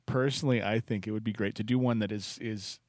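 A man's voice: lowish voice, steady tone, quick pace, a little mellow, no room sound. A man hosting a poetry open mic call-in show, chatty and welcoming, with frequent fillers.

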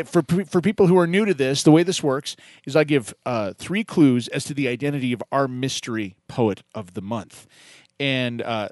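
A man hosting a radio show, chatting casually in a jokey, animated way and laughing often. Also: medium pitch, no room sound, studio quality. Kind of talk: casual on-air chat.

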